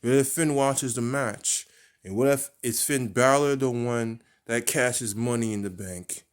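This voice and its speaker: A wrestling fan rambles through a storyline he booked himself, restarting and repeating words constantly. His mid-range voice is unhurried.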